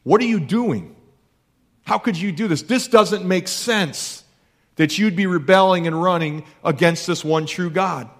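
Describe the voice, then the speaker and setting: A man's voice: sits high, a little slow. A man voicing a crew of panicked sailors who fire urgent, accusing questions. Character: panicked sailors, adult men, demanding answers.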